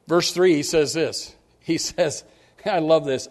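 A man's voice: on the high side, animated, a little slow. A man preaching a sermon in a folksy way, with many restarts, acting out what people say. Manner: folksy, repetitive restarts, acts out quotes. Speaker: pastor.

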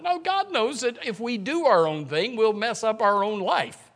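A middle-aged man preaching a sermon in a church, animated, acting out grumbling voices and calling out to the congregation. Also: very high voice, moderate pace. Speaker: pastor. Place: church sanctuary.

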